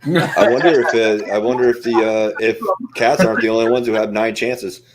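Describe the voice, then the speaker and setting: A man chatting on a live show, musing and speculating out loud. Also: on the low side, steady tone, normal speed, a loud crowd, low-quality recording. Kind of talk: casual livestream chat.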